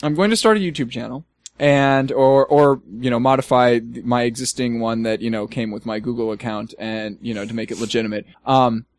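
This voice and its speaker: A man's voice: mid-range voice, fairly even intonation, a little fast, no echo. A young man co-hosting a podcast in casual chat, rambling with many fillers and frequent laughs. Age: young adult. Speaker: podcast co-host.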